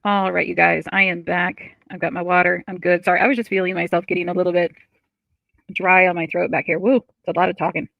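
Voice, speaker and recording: Low-ish and creaky, her voice moves quickly with little pitch movement, and the lo-fi sound has no echo. She's hosting a casual livestream from a seat at home, reading and answering viewer comments in an open, chatty way, with lots of fillers and frequent laughter.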